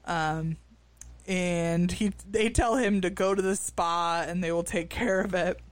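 Brief: podcast co-host, slow and halting recap chat, crisp tone. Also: medium pitch, fairly even intonation, no echo. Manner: hesitant, many fillers and restarts.

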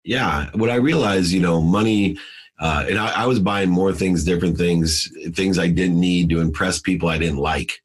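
A man's voice: sits low, moderate pace, husky. A middle-aged man telling a personal story in an emphatic, preachy way, then giving motivational advice as a podcast guest.

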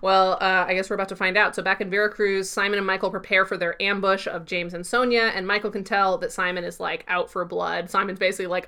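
A woman talking through a TV episode on a podcast, in a loose, chatty way. She keeps the story moving with filler words and little laughs. Her voice sits at an ordinary middle pitch. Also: level tone, fast talker, few pauses, pushed and bright. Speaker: podcast co-host recapping a TV episode. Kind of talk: casual chat.

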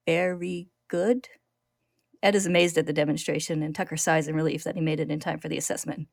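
A woman host narrating a story recap in a steady, clear manner. Her voice sits on the lower side for a woman. The recording is dry and close, with no room echo. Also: very fast. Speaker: podcast host retelling an anime episode.

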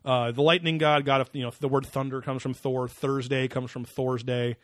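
A man's voice: medium pitch, level tone, normal speed, no echo, clean studio sound. A young man in casual comedic chat, rambling and crude, laughing often. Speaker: podcast co-host.

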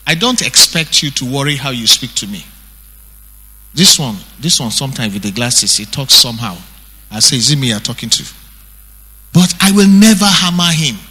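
Animated Nigerian pastor in an echoey hall. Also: male voice, mid-range voice, normal speed. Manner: animated preaching, acting out quotes. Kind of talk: sermon. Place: church hall. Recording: breathy voice in long hall reverb.

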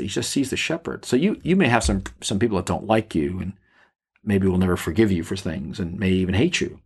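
A man giving an earnest podcast devotional as a pastor, halting and restarting his phrases often. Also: on the low side, gravelly, slightly rough.

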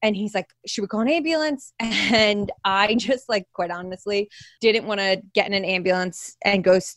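Young woman, candid animated storytelling, interview guest, dry close sound. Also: mid-range voice, dry recording. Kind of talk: personal storytelling in conversation.

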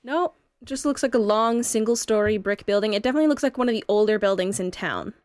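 A woman narrating as game master of a tabletop game, halting with fillers. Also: mid-range voice, a little mellow, no echo.

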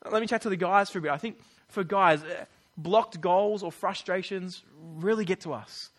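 A man's voice: high-pitched, moderate pace, a bit bright. A man preaching a sermon in an earnest, conversational way. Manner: earnest, conversational, acts out quoted voices.

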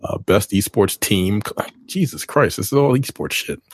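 Low husky guy on a podcast, blunt, brushes stuff off, swears, voice swings a lot. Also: big pitch swings, moderate pace, dry recording, clean studio sound. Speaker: podcast co-host. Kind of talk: casual chat.

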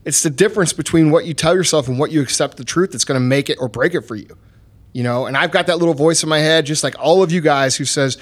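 A man's voice: a little high, fast. Blunt, profane man preaching tough motivation. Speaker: podcast host. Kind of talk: motivational podcast talk.

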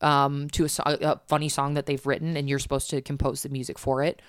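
Woman, low voice, casual chat, filler-heavy, dry close sound. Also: level tone, fast, clear, resonant tone, dry recording. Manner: chatty, lots of fillers and restarts.

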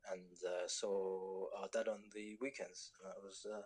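A British man from London speaking as a podcast guest. His voice sits a little low, and he talks in an easygoing, hesitant way, full of "um" and "you know.". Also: level tone, a little slow, darkish tone, rough recording. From London, England. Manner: easygoing, hesitant, many fillers. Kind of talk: casual podcast chat.

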